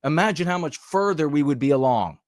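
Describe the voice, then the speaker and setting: A man's voice: fairly high pitch, lively intonation, fairly quick, no echo, clean studio sound. A man giving heated, emphatic podcast commentary over news clips, with frequent rhetorical flourishes.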